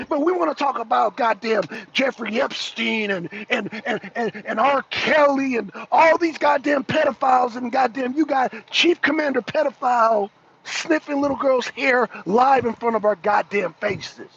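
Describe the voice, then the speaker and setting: High raspy man ranting loudly. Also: normal speed. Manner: loud, profane, repetitive ranting; breaks into laughter. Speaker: political talk show panelist. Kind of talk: heated political rant. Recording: dull lo-fi stream audio.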